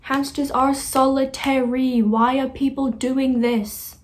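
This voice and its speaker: Brief: young woman, reaction host, chatty and earnest, easily touched, slightly high voice, unhurried delivery. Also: steady tone, a little hiss or hum. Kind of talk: casual reaction commentary.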